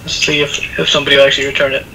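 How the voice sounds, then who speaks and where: A man's voice: mid-range voice, monotone, very fast, bright, forceful tone, a little hiss or hum, rough recording. A man joking around and commenting casually while playing a game on a live stream, laughing often. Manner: playful, jokey, laughs a lot.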